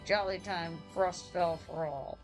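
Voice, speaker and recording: A woman's voice: on the low side, fairly even intonation, slow, over music. A woman voicing a male goblin boss who poses as a jolly Santa, with hearty ho-ho laughs and broken grammar.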